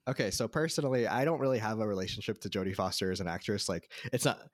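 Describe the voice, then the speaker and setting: A man with a lowish voice chatting casually about a film on a podcast. He rambles with many fillers and restarts. His voice sounds close and dry. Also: expressive, fast talker, no room sound. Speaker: podcast co-host.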